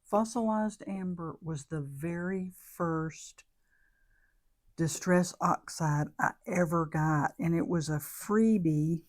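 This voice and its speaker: Unhurried woman crafter, low pitch, thinks out loud and corrects herself mid-sentence. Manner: rambling, thinks aloud, self-correcting. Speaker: craft vlogger. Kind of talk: casual crafting demo chat.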